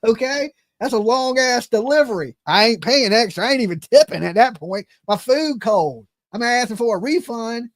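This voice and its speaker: A man's voice: very high-pitched, expressive, normal speed, hardly any pauses, dry recording, studio quality. A man hosting a casual livestream, talking brashly with lots of swearing and laughter, and punctuating points with "okay?". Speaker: livestream commentary host. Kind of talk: casual reaction commentary.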